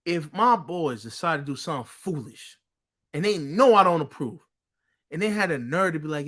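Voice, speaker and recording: A man's voice: fairly high pitch, sing-song, normal speed, fairly bright tone. A middle-aged man co-hosting a casual podcast, talking emphatically and breaking into playful quoted voices. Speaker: co-host, Spirit G.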